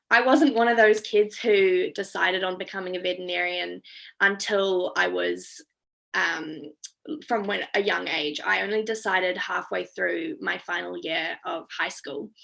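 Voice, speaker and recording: A woman's voice: mid-range voice, creaky, bright, forceful tone. A young woman from New Zealand with a slightly Australian-tinged accent, chatting casually over a video call with lots of ums. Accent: New Zealand, with some Australian. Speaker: veterinarian giving a talk.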